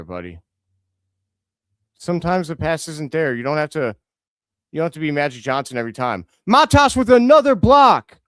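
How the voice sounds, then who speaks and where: An excitable young man calls a basketball game live, mixing play-by-play with exasperated remarks at players. His voice sits a bit high and sounds close and dry, with no room around it. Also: clean tone, no room sound. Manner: excitable, scolds players aloud, quick self-corrections. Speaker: live reaction stream host.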